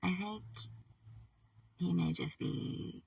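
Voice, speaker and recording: A woman talking to camera in a rambling, halting personal monologue, swearing often, trailing off mid-thought and sometimes dropping to a whisper. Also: lowish voice, lively intonation, vocal fry, darkish tone, distant mic, a little hiss or hum. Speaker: vlogger.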